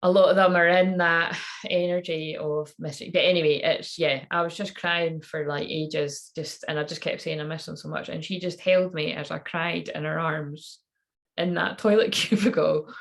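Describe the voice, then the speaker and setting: A woman's voice: on the low side, gravelly. A woman in her thirties, a tarot reader, telling a candid personal story in a rambling, swearing way.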